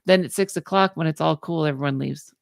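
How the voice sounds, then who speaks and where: A woman's voice: low-pitched, a little fast, gravelly, a little hiss or hum. A woman hosting a podcast, telling a story in casual chat and acting out the people in it. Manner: animated, acts out the people in her story. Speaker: podcast host.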